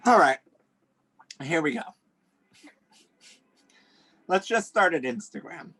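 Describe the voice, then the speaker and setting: A man's voice: fairly high pitch, expressive, takes it slowly, bright, forceful tone, no room sound. A man guesting on a podcast over a video call, campy and joking, promoting his work. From Long Island, New York. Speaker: podcast guest, food personality.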